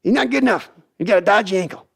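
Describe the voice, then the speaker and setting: A blustering old Texan team owner, as a man puts him on, hollering in a high, strained drawl that jumps well above a normal speaking voice. He sounds stubborn and demanding, and his voice cracks upward when he insists. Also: fast, creaky, fairly bright tone, husky, heavily acted.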